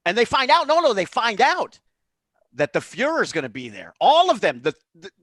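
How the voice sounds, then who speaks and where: A man with a mid-pitched, animated voice retells film scenes and teases his co-host. He jokes around in a friendly way. The sound is dry and close, like a video call. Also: moderate pace, no room sound. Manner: playful, teasing, retells scenes. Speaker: podcast co-host. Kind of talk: casual movie chat over drinks.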